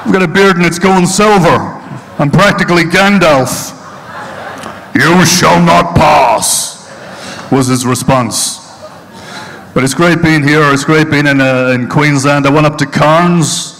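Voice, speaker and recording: A middle-aged Irish comedian telling punchy, mocking stories on stage. His voice sits a bit high and sounds bright and sharp, with a long hall reverb around it. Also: moderate pace. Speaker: stand-up comedian. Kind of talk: live stand-up comedy. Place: stage at a charity event hall.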